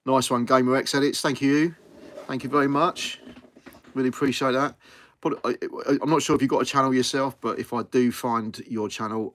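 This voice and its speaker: A man's voice: mid-range voice, a bit bright, no echo. A man hosting a live music stream, chatting casually to viewers, thanking them and repeating himself as he talks. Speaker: livestream host.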